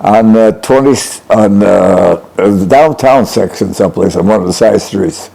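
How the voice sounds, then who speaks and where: Halting, gravelly 100-year-old man. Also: on the low side, warm tone, poor audio. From Niagara Falls, New York. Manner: short, halting answers with hesitations. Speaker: WWII veteran interviewee. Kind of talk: casual interview answers.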